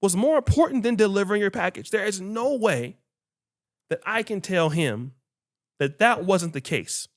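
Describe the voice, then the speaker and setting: Animated man telling stories. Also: high-pitched, normal speed. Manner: animated, acts out quoted dialogue, swears freely. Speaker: podcast host. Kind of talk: casual chat, storytelling.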